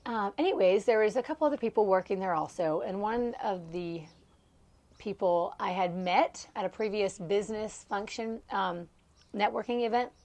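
A woman hosting a podcast, telling a rambling, animated story with frequent laughter while recording outdoors. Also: mid-range voice, moderate pace. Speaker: podcast host; entrepreneur and mom. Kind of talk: casual storytelling monologue. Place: outdoors on a farm.

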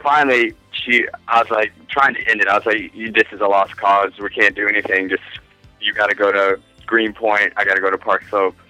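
A man's voice: on the low side, fairly even intonation, brisk, bright, forceful tone, no echo, faint music behind, rough recording. A man in his twenties, a podcast guest, telling a long rambling story in casual, profane chat with frequent laughs.

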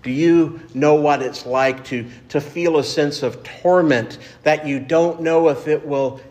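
A man preaching a sermon as pastor, earnest and measured, repeating phrases for emphasis. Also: fairly high pitch, darkish tone.

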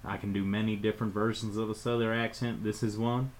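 A man co-hosting a podcast in casual chat. His voice sits somewhat low. He rambles in a laid-back, playful way as he trades jokes. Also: flat delivery, quick pace, poor audio. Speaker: podcast co-host.

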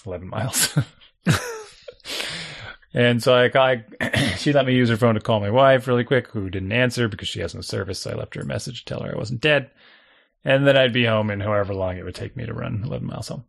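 A man casually telling a long story, animated, acting out his own thoughts and chuckling often. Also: medium pitch, a little fast, creaky. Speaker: storyteller guest.

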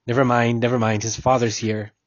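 A man's voice: medium pitch, flat delivery, fairly quick, no room sound, muffled recording, natural voice. A man voicing a stern, cold army officer who judges a prisoner, speaking in a curt, commanding way.

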